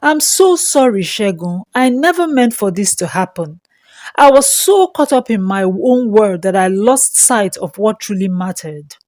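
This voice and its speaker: A woman's voice: mid-range voice, lively intonation, measured pace, a little mellow, no room sound, natural voice. A woman voicing a guilt-stricken young mother who apologizes tearfully. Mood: remorseful.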